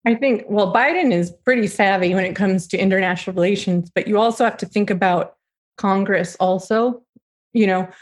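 Late 30s woman guest, earnest, keeps restarting sentences, average pitch. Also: fairly quick. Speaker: political guest. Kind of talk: casual political interview.

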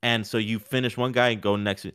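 A man co-hosting a podcast, talking in a rambling, animated, casual way with many fillers. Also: on the low side, brisk, clear, resonant tone. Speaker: podcast co-host. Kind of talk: casual sports chat.

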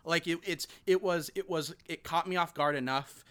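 A man hosting a casual movie review chat, halting and chatty with many restarts. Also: a little high, steady tone, a bit bright.

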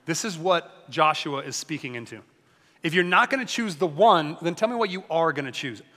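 A man preaching a sermon as a pastor, energetic and conversational, often joking with the congregation. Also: a little high, normal speed, long reverb tail.

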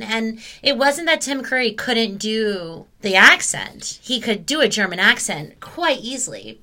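A woman's voice: medium pitch, bright, forceful tone. A woman co-hosting a casual film podcast, talking with enthusiasm and laughing often. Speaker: podcast co-host.

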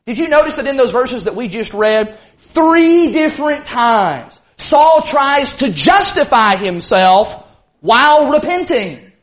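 A man's voice: extremely high pitch, very animated, slow pace. A man preaching a sermon to a congregation in an emphatic, folksy way. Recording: dull lo-fi recording.

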